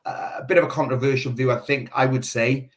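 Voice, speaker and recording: A man in casual talk on a football phone-in, sharing his views freely. He thinks out loud and keeps talking through his points. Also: mid-range voice, steady tone, fast talker. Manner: talkative, opinionated, thinks out loud. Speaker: football fan panelist. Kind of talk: casual chat.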